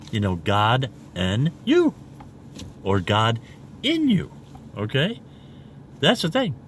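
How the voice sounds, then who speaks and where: A man preaching casually in a video, rambling and repeating "okay?" after each point and spelling words out slowly. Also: mid-range voice, a little hiss or hum. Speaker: self-made online preacher.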